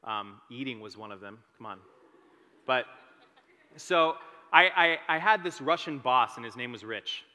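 A young man telling his own story as a sermon, animated and self-deprecating. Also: medium pitch, a little slow. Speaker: teaching pastor. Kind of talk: testimony sermon. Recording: long reverb of a large hall.

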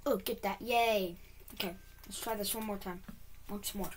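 A woman talking to herself as she plays a building game, quickly frustrated and humming as she works. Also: medium pitch, fairly even intonation, slight background noise. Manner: talks to herself, quickly frustrated, hums while working. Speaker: gaming video creator. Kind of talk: self-talk while playing a game.

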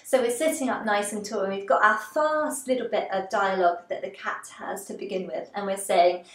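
A woman leading a gentle seated movement class, giving encouraging step-by-step cues. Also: medium pitch, moderate pace. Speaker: dance and movement instructor. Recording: roomy, echoey room.

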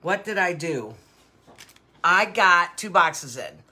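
An older woman chats casually as host of a live jewelry show, drifting from one story to the next with lots of fillers and laughter. Her voice sits fairly low, yet it comes across bright and forceful. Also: slow, breathy edge. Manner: chatty, rambling storyteller with frequent laughs; animated, with many fillers. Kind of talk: casual chat.

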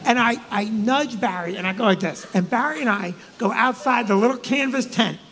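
High-voiced man telling a comic story. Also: a little fast, long reverb tail. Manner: animated, swears, shouts at punchlines. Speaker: comedian and co-host. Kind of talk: live stand-up storytelling.

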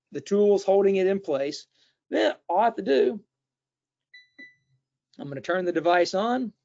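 A man's voice: sits high, vocal fry, darkish tone, dry recording. Casual man demonstrating a shop tool. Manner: casual, chatty, with frequent fillers and restarts. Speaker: webinar presenter. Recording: dull, dry, lo-fi webinar audio.

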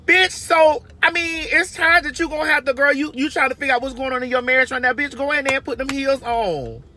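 A woman's voice: high voice, a little fast, pushed and bright, a little hiss or hum. A woman giving brash, profane, emphatic advice in a casual monologue from her car. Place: inside a parked or moving car.

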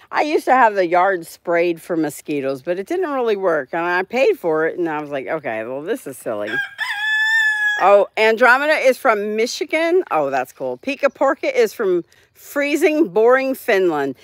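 A woman's voice: medium pitch, big pitch swings, moderate pace, no room sound. A woman from Florida hosting a casual live stream, chatting and laughing as she reads out viewers' messages. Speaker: livestream host. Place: home in Florida.

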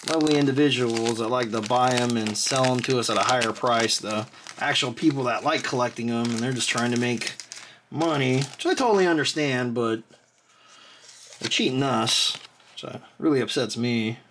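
A host excitedly opening trading card packs on camera, chatting casually, often exclaiming and apologizing, and drifting into rambling asides. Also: mid-range voice, normal speed, a little hiss or hum. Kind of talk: casual pack-opening commentary.

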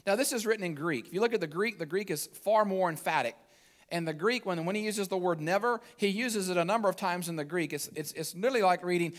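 A man preaching a sermon as pastor, quoting scripture and swinging from soft, low passages to loud, emphatic ones. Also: brisk. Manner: scripture quoted aloud and picked apart.

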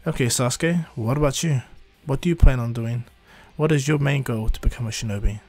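A man voicing a calm young male ninja teacher in a fan-made story, steady and reassuring, close to his own voice. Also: medium pitch, brisk, soft background music, close to an everyday voice. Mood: probing.

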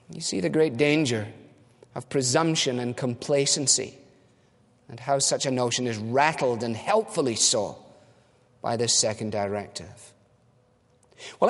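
A man's voice: mid-range voice, big-room sound. A man preaching a sermon as a pastor, earnest and direct, asking and answering rhetorical questions.

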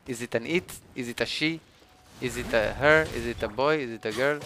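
A man with a non-native English accent streaming a game live, ranting and swearing excitedly as he plays. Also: mid-range voice, brisk, a little hiss or hum. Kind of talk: live gameplay commentary.

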